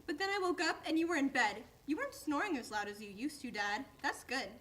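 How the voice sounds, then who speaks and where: An eager young male dog in a play reading, high and chatty, forever calling his owner "Dad.". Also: expressive, brisk, a bit bright.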